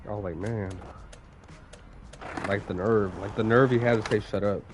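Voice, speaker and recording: A young man with a fairly low voice talks at a quick pace over background noise during casual stream chat. He coughs now and then as he gets over a cold, and his rambling, profane talk is packed with fillers, especially "like."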